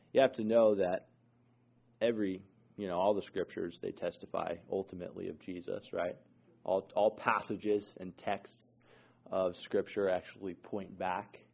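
A man's voice: low-pitched, a little mellow, muffled recording. A man preaching a conversational sermon to a congregation, often checking in with 'right?' as he explains scripture.

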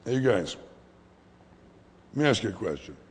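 A man preaching a sermon as pastor, swinging from hushed whispers to loud, emphatic lines. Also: fairly low pitch, sing-song, normal speed, breathy edge. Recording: long hall reverb.

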